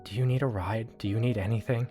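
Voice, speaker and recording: A man voicing a wary, hurried older brother on the phone in a tabletop game. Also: fairly low pitch, steady tone, dark tone, soft background music, close to an everyday voice. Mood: concerned.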